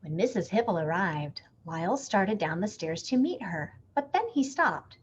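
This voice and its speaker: Animated woman reading a picture book. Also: mid-range voice, moderate pace, few pauses, lo-fi sound, slight background noise. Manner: expressive, animated narration. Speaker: storyteller. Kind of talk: storybook read-aloud.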